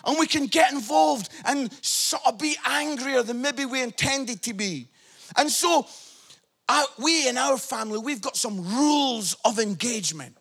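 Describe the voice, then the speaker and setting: A middle-aged man preaching a sermon as pastor, telling family stories with animated bursts of shouted emphasis and a habit of asking "yeah?". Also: extremely high pitch, a little slow, creaky, breathy edge.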